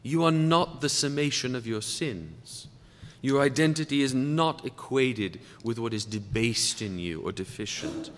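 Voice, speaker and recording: A man at an everyday mid-range pitch speaks in a preacher's measured cadence, addressing fellow clergy. He slows and drops his voice to weigh down key words. His voice rings out with the long, lingering reverb of a large hall. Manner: deliberate, slowing down to stress key words. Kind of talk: sermon-style lecture.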